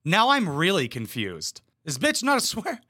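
A young man riffing over a reality show clip, dropping crude jokes in a deadpan, sarcastic tone. His voice is bright and forceful, a little high for a man, and the sound is dry and close. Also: normal speed, no echo. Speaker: reaction commentator.

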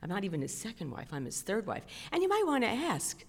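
A middle-aged woman telling a self-mocking story on stage, chatty and animated. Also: medium pitch, quick pace. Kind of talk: stand-up storytelling. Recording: long hall reverb.

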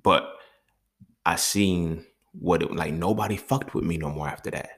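Deep, gravelly man telling stories. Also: moderate pace. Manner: profane, streetwise, animated storytelling. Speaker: podcast host. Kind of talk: casual monologue storytelling.

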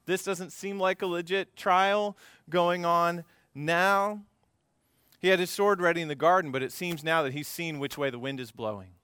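A man preaching in a church, his voice bright and forceful with a smooth, clear ring and a slightly high pitch. He tells the story in a relaxed, conversational way, turning to the congregation with asides and humor. The sound is close and dry. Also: dry recording. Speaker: pastor. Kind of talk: conversational sermon. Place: church service before a congregation.

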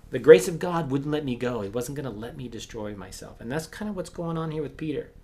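A man preaching a sermon as pastor, acting out Bible voices and swinging between loud emphasis and hushed asides. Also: medium pitch, lively intonation, a little fast.

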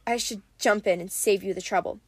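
A woman's voice: mid-range voice, fairly even intonation, brisk, husky, dry recording, natural voice. A woman murmuring as a despairing ancient giant. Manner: murmuring, defeated. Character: ancient despairing hundred-handed male giant.

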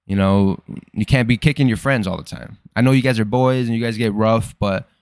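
A man's voice: medium pitch, a little fast, a little mellow, no room sound, studio quality. A young man hosting a podcast, rambling through a casual, profane and self-deprecating personal monologue. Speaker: podcast host.

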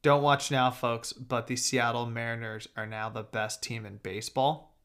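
Bright-voiced man in casual sports chat. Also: medium pitch, steady tone, moderate pace, smooth. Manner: rambling, swears freely, restarts often. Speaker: podcast co-host.

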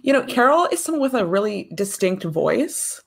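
A woman's voice: medium pitch, very animated, normal speed, vocal fry. A woman co-hosting an interview, asking curious, rambling questions. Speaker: interview co-host. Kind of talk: casual interview chat.

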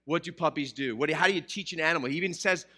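Racing along in a fairly high, sharp voice, a pastor delivers a sermon before a live congregation in church, weaving scripture together with jokes and questions for the audience.

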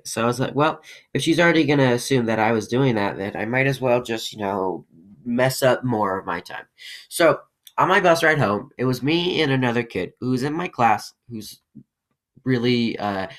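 A man's voice: medium pitch, fairly bright tone. A man talks through a personal story for his podcast, circling back on himself with frequent fillers and false starts. His voice sits in an ordinary middle register and he tells the story in a loose, casual way. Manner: rambling, halting, many fillers and restarts. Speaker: podcast host.

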